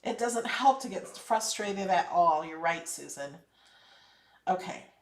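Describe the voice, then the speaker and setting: A woman's voice: lowish voice, lively intonation, slow pace, roomy sound, far from the mic. A woman hosting a casual live craft tutorial, chatty and upbeat, encouraging and emphatic when giving advice. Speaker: craft channel host.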